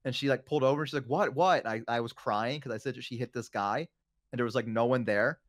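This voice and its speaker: A man's voice: mid-range voice, steady tone, fast talker, no room sound, studio quality. A young man chatting casually and telling stories, rambling with lots of fillers. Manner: rambling, many fillers and restarts. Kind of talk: casual chat, storytelling.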